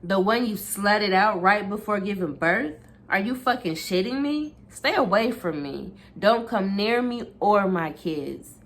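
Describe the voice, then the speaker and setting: A woman's voice: mid-range voice, expressive, a little slow, few pauses. A woman reading aloud the lines of a frightened but defiant young woman who pleads, then turns firm and cold.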